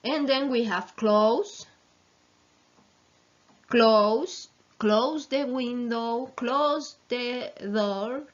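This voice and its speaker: Slow, patient woman drilling vocabulary. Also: a little high. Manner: slow, repeats each word, gives Spanish translations. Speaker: English teacher. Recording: slightly dull lo-fi recording.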